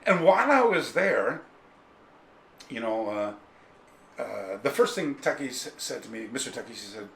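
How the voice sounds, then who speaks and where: Unhurried and given to long pauses, a medium-pitched male voice belongs to a karate author telling a long anecdote as an interview guest. He's casual, animated, and digressive, imitating people in the story, with slight background noise in the echoey, faintly ambient room of his home.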